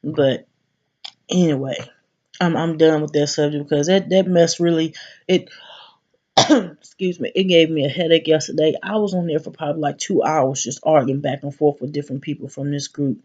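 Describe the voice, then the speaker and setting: A woman's voice: low-pitched, fairly even intonation, moderate pace, darkish tone, lo-fi sound. A woman in her thirties vlogging, ranting brashly and cursing freely as she talks straight to her viewers. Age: 30s. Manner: brash, profane, addresses viewers directly. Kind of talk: casual ranting vlog.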